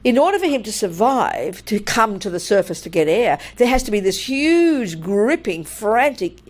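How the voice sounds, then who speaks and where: An older woman, a Buddhist nun, giving a dharma talk in a blunt, animated way and laughing through her stories. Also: mid-range voice, normal speed.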